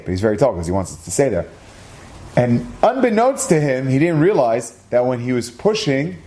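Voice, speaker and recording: Speaking in a medium-pitched male voice, a rabbi relates an uplifting story with lively, conversational energy. Hebrew terms come up along the way.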